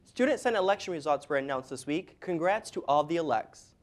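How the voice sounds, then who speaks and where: A woman's voice: deep voice, lively intonation, brisk, crowd noise. A woman anchoring a student news segment from a script.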